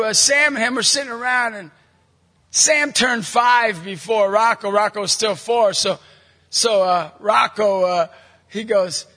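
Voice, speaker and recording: A middle-aged man, a Catholic evangelist, preaching energetically to a live audience, telling jokey stories and bursting into loud emphasis. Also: extremely high pitch. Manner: punchy, jokey storyteller, bursts into shouting emphasis. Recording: long hall reverb from a large venue.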